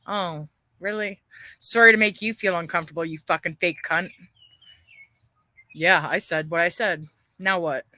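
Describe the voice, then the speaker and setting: A woman's voice: lowish voice, steady tone, moderate pace, long pauses, pushed and bright, no room sound. A woman ranting bitterly on a livestream, swearing heavily and airing her grievances. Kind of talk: angry livestream rant.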